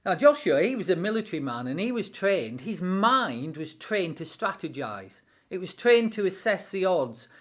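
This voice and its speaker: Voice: mid-range voice, big pitch swings, moderate pace, few pauses. A devotional speaker giving an encouraging sermon-style talk, acting out quotes with animation.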